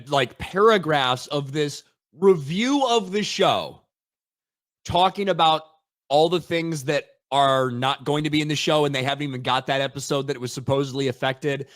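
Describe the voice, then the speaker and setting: A man's voice: fairly high pitch, normal speed, a bit bright, dry recording, clean studio sound. An American man co-hosting a casual commentary chat, matter-of-fact and wry, reading out bits of text. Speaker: co-host.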